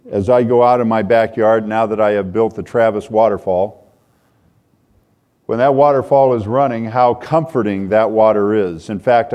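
A man's voice: lowish voice, warm tone. A man preaching a sermon in a conversational way, reading scripture aloud with more force. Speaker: pastor.

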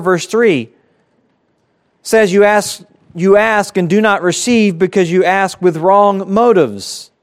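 A man preaching a sermon in a fairly high voice. He reads scripture with fervor, his voice climbing and swelling on the bold prayers and sinking to a hush on his key points. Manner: emphatic, rising on bold prayer quotes and dropping low for key points.

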